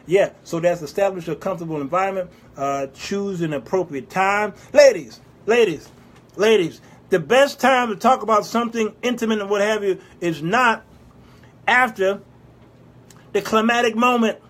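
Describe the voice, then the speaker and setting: High husky-voiced man hosting a talk show. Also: moderate pace. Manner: animated and teasing, with sudden loud outbursts; reads viewer comments aloud and answers them. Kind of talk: casual live-stream advice talk.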